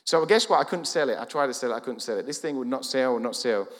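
A man, preaching a sermon as a lively storyteller who acts out quoted dialogue. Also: medium pitch, quick pace. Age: 40s. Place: church. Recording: church hall reverb.

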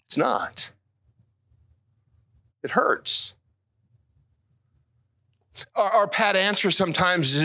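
A middle-aged man preaching a sermon as pastor, earnest and emotional, his voice climbing high as he is moved. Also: lively intonation, drawn-out words, long pauses, pushed and bright.

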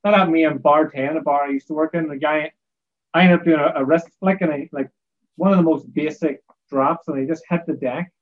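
A man's voice: fairly high pitch, fairly even intonation, brisk, phone-quality sound. A man hosting a casual chat, telling bar stories with wry, amused disbelief.

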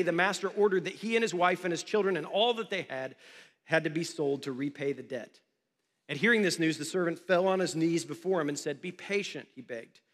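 A man's voice: high voice, a bit bright. Man preaching in a reverberant church. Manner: conversational preaching, rhetorical questions to the congregation. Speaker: pastor. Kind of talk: sermon. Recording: long hall reverb.

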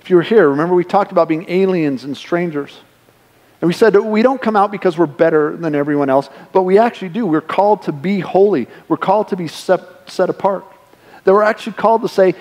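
A man's voice: high-pitched, fast talker, darkish tone. A man in his forties preaching a conversational sermon to his church, acting out the voices he quotes. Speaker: pastor. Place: church sanctuary. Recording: long hall reverb.

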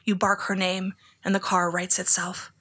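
A woman reading a memoir aloud in second person, in a hushed, even delivery that at times drops toward a whisper. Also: medium pitch, moderate pace, slightly rough. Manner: hushed, flat, sometimes close to a whisper. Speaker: audiobook narrator.

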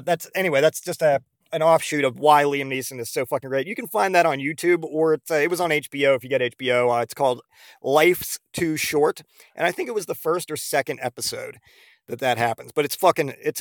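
Guy rambling on his podcast, cussing a lot, slightly high voice, dry close sound. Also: fairly quick, no echo. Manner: profane, rambling, animated retelling. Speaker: podcast host. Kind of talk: rambling casual monologue.

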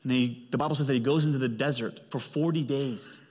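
A male pastor preaching a sermon with emphatic delivery and big swings in pitch. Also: fairly even intonation, fairly quick, darkish tone. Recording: long hall reverb.

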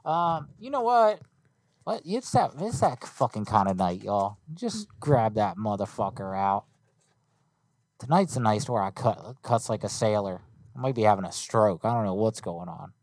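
Field: man. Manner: profane joking streamer. Tone: mellow. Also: fairly low pitch, sing-song, no echo. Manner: profane, joking, quick asides. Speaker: streamer making prank calls. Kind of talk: casual live-stream chat.

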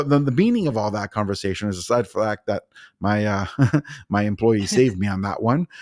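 A middle-aged man hosts a podcast and rambles through an anecdote, stumbling over restarts and laughing as he goes. His voice sits at an ordinary pitch. The sound is close and dry, with no room behind it. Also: no room sound. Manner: rambling, animated storyteller with frequent restarts and laughs. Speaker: podcast host. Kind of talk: casual storytelling interview.

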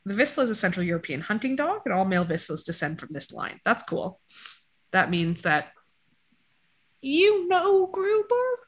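A woman's voice: on the low side, brisk, a bit bright. A woman chatting casually as she reads out her dog's DNA results, making jokey asides to her dog. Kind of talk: casual chat.

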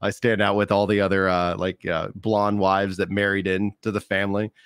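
This American stand-up comic, co-hosting a podcast, has a light Texan accent and a loose, joking style, laughing often in casual chat. He speaks at a fairly low pitch and moderate pace, his tone level, a bit bright and clean, captured in clean studio sound with no echo.

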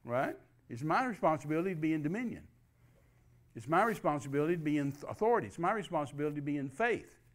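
Guy preaching a sermon, high voice, really emphatic, spells words out letter by letter. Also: lively intonation, quick pace.

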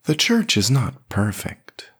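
Man playing a gentle old priest, high lifted voice, husky, soothing. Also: huge pitch swings, slow, exaggerated voice. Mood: gently concerned. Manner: warm, soothing pastoral concern. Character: kindly older male priest, gently teasing. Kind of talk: audiobook character reading.

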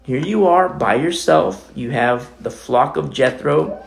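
A man's voice: a little high, unhurried, vocal fry, echoey room, a little hiss or hum. A man preaching a conversational sermon as the pastor of a church, talking through a scripture passage with casual asides.

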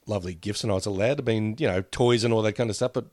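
A man's voice: on the low side, rapid-fire, a little mellow, dry recording, clean studio sound. A man co-hosting a podcast, meandering through memories with frequent laughs. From Australia. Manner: meandering, reminiscing, laughs often. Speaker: podcast co-host. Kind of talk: casual chat.

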